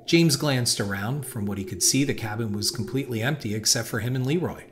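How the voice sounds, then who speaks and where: A man giving a measured, dramatic scripted narration of a horror story. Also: mid-range voice. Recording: noisy hiss behind voice.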